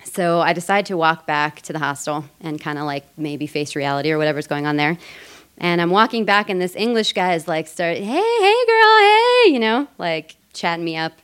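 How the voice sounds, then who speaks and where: A woman's voice: low voice, brisk, fairly bright tone, clean tone. A woman from Colorado telling a personal story on stage, chatty and casual, laughing often. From Colorado, USA. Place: theater stage before a live audience.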